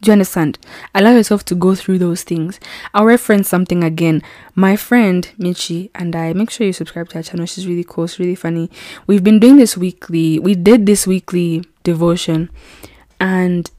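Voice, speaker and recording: A woman in her twenties hosting her own podcast, telling a personal story in a casual, animated way and acting out the voices of people she quotes. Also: fairly low pitch, normal speed, dry recording, studio quality. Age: 20s. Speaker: podcast host.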